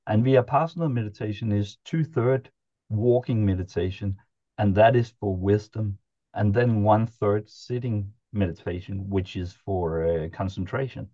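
Guy telling a story on a podcast, lots of restarts and chuckles, warm dark voice, kinda muffled. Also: on the low side, no echo. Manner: halting, chuckling anecdote telling with many restarts. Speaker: podcast guest. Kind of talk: casual storytelling.

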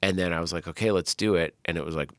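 A middle-aged man, a film director, telling animated stories in a casual interview, swearing often and acting out what people said. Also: low-pitched, fast, no echo. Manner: animated storyteller, swears often, acts out quotes.

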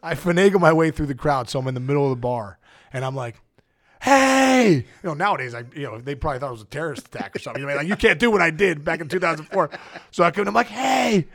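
A middle-aged man with a gravelly, fairly high voice spins a rambling, excitable story in casual chat. He acts out each quote with sudden big jumps in pitch. The sound is dry and close to the mic. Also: very fast, no echo. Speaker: podcast guest, former baseball player.

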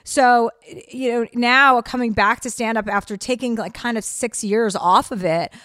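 A woman's voice: fairly high pitch, steady tone, moderate pace, a bit bright, no echo, studio quality. A middle-aged woman from New Jersey, a comedian chatting bluntly and profanely in an interview. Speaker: comedian guest. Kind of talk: casual interview chat.

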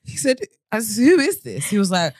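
A woman chatting on a podcast, her pitch leaping up and down as she re-enacts the people in her stories. The recording is close and dry, with no room sound. She laughs often between her lines. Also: fairly quick, no echo. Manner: animated storyteller, acts out quotes with laughter. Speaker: podcast co-host. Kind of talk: casual chat.

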